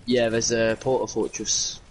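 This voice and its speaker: A man's voice: mid-range voice, completely flat delivery, measured pace, a little hiss or hum. A man playing an online game with a friend, teasing him and calling out enemies in casual chatter. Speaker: gamer. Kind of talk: casual gaming banter.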